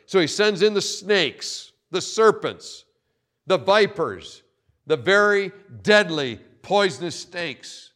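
A male pastor delivering a sermon in a storytelling manner, his voice sitting somewhat high for a man. He talks in an animated way, stacking repeated words and phrases for emphasis. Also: slow.

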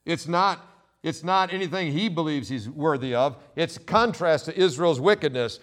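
Male pastor preaching, reads scripture, gets loud then drops quiet, kinda high voice. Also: lively intonation, moderate pace. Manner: emphatic, swings between loud quotes and quiet asides. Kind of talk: sermon with scripture reading.

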